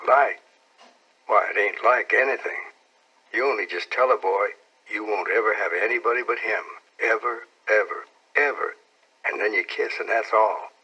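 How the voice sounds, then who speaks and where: Storybook boy, keen and boastful, coaxing drawl; a man reads him husky and bright. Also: lowish voice, normal speed, highs cut off. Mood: eager. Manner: earnest, coaxing, folksy drawl. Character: eager young schoolboy in love, boastful.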